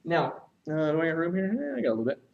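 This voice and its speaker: A man teaching essay structure, talking while he writes on a board and pausing to correct himself. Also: on the high side, very animated, creaky, distant mic, dull audio. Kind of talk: recorded writing lesson.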